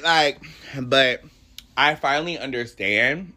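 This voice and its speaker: A man's voice: a little high, unhurried, bright, forceful tone. A young adult man hosting a solo podcast, telling a personal faith story in an emotional, rambling, heartfelt way. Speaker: podcast host.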